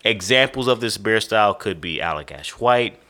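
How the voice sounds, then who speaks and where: A low-voiced man chats on a podcast, unhurried and rambling. He sounds tired, with a bright, forceful edge to his tone. He reads tasting notes between casual asides. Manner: relaxed, rambling with fillers, tired and yawning. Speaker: podcast co-host. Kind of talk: casual podcast chat, reading beer notes.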